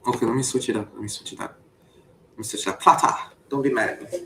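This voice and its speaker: A man on a voice chat reading speeches in a jokey, mock-preacher way, swinging between loud and whispered lines. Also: fairly low pitch, fast, gravelly, slight background noise, rough recording. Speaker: show host. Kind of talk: playful Discord voice-chat reading.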